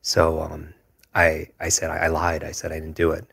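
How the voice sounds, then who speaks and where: A man in his forties recounts his past as an interview guest, earnest and reflective. His voice sits extremely low, and his pitch moves very little. He often pauses on asides like "if you will". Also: monotone, gravelly, fairly bright tone, breathy edge. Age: 40s. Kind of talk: personal storytelling in an interview.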